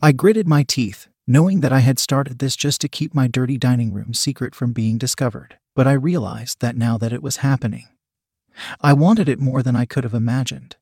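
Man narrating a story, steady reading, middle pitch, no room sound at all. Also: normal speed, gravelly, breathy edge, dry recording, clean studio sound. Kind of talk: scripted narration.

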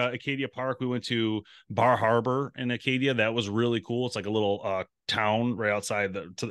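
A man's voice: fairly low pitch, a bit bright, dry recording, clean studio sound. A man co-hosting an outdoors podcast, chatting casually and rambling through travel stories. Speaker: podcast co-host. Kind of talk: casual chat.

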